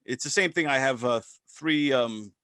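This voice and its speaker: A man's voice: mid-range voice, moderate pace, a bit bright, no room sound. Male podcast co-host, rambling casual commentary, dry close sound. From part Filipino descent. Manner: rambling with restarts and stammers.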